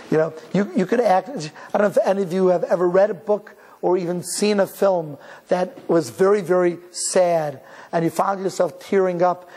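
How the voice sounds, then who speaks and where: Husky rabbi in a reverberant hall. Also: male voice, high voice, dark tone. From Cleveland, Ohio, US. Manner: conversational storytelling, restarts sentences, chuckles with the crowd. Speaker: rabbi giving a talk. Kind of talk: live talk to an audience.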